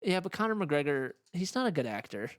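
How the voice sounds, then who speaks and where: A man's voice: on the high side, very animated, a little fast. A man co-hosting a podcast in casual chat, loosely trailing off mid-sentence. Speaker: podcast co-host.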